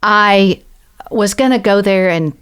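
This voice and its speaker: A woman's voice: medium pitch, takes it slowly, fairly bright tone, smooth. A woman with a Southern American accent, a podcast guest, telling a personal story in an earnest, reflective way and acting out the people she quotes. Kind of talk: conversational storytelling.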